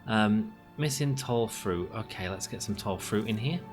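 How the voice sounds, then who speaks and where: A man's voice: lowish voice, unhurried, music in the background. A young man giving casual gameplay commentary, chatting to the animals on screen and to his viewers. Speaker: gaming channel host.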